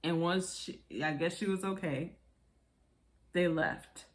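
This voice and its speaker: A woman's voice: steady tone, takes it slowly. Chatty woman reviewing reality TV. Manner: chatty, acts out quotes in high voices; frequent laughter. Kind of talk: casual commentary.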